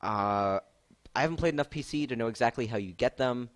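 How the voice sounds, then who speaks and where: A man's voice: medium pitch, a little fast. A man hosting a casual Q&A on his stream, rambling with many fillers and laughs. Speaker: stream host asking questions.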